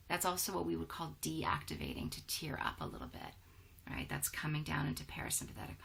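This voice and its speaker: Over a video call, a woman leads an online wellness workshop, affirming participants and reading their chat replies aloud with quick praise. Her voice is low, creaky, fairly bright and slightly rough.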